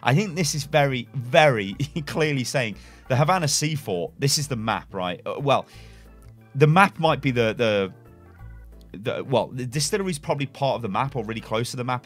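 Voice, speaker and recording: A young man thinks out loud in front of his webcam, reading bits of text and guessing at what they mean. His voice rises and falls a lot as he rambles, stumbles over words and corrects himself with little chuckles. Faint music plays behind him. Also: medium pitch. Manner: rambling speculation with frequent self-corrections and chuckles. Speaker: gaming YouTuber. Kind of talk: casual reaction commentary and reading aloud. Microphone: webcam setup at a desk.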